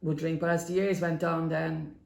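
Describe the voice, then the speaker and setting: A middle-aged woman with a Dublin accent tells family stories in a lively, chatty way. Her voice is gravelly and carries a roomy echo. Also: low-pitched, normal speed. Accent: Dublin Irish. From inner city Dublin. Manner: lively storyteller, acts out quotes. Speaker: guest. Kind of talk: storytelling in a podcast interview.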